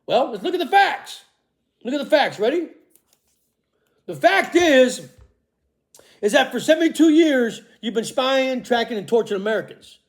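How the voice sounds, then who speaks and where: High-voiced man in an angry profane rant. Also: big pitch swings, moderate pace, pauses often. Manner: profane, accusatory, repeats "okay?" and "all right?" tags; swings between shouting and low muttering. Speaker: vlogger. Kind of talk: angry confrontational monologue.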